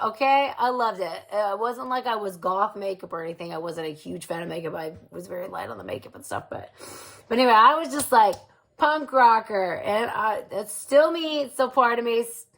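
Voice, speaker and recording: A woman's voice: fairly high pitch, bright, forceful tone. A woman in her forties talking frankly in a casual monologue to her listeners. She laughs easily and keeps checking in with them by asking "okay?". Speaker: host.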